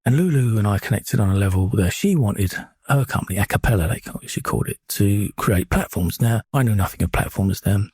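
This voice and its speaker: A man's voice: fairly low pitch, animated, a little fast, darkish tone, slightly rough, no room sound, studio quality. A man telling his own story off the cuff, blunt and profane, often stopping to correct himself. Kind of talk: unscripted storytelling monologue.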